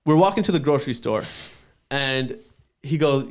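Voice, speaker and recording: A young man from Canada tells a story on a podcast in a loose, rambling way. He swears freely and pads his sentences with fillers. His voice sits at an ordinary, middle pitch. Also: normal speed. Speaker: podcast host. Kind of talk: casual storytelling.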